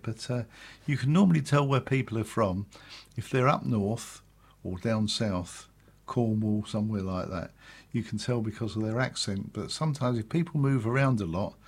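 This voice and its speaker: Chatty male radio DJ, mid-pitched. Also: breathy edge. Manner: chatty, rambling, chuckles to himself. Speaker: radio presenter. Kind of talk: casual radio link between songs.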